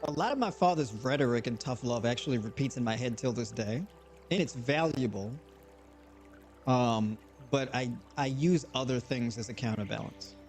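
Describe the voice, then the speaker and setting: A man hosting a live online show, talking casually and motivationally with frequent repeats and animated bursts. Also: medium pitch, moderate pace, soft background music. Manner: conversational, repeats words, rising to animated bursts.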